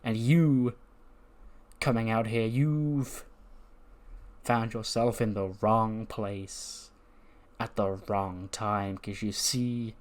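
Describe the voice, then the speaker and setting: A man's voice: on the low side, steady tone, drawn-out words, pauses often. A man doing a cocky heel wrestler's taunting promo. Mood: arrogant. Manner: taunting, swaggering promo delivery.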